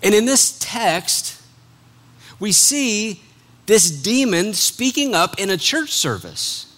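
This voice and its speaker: A man with a fairly high voice preaching a sermon. He reads scripture aloud, then breaks it down in an animated, conversational way and jokes with his listeners. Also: slow pace. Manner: animated, conversational, joking with the congregation.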